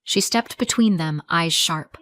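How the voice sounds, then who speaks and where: Woman telling a family drama story, lowish voice, measured and dramatic. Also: a bit bright. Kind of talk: scripted first-person story narration.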